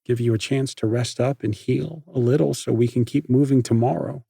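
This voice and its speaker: A man voicing a stubborn, practical teenage girl in an audiobook, with a husky voice. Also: mid-range voice, fairly even intonation, moderate pace, dark tone, no echo, clean studio sound. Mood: determined.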